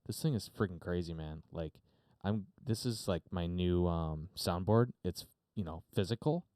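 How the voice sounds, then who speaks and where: Deep-voiced man rambling on a live stream. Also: moderate pace, warm tone, no echo, clean studio sound. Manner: rambling, heavy on fillers, swears casually. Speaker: podcast host streaming live. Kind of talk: unscripted casual live stream chat. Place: home streaming studio. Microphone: desk mic through a mixer.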